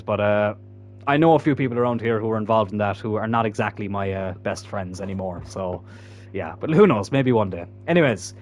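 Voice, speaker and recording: A little hiss or hum sits under this man's medium-pitched voice. He's a gaming YouTuber chatting casually over a football video game, cursing freely and breaking into loud laughter.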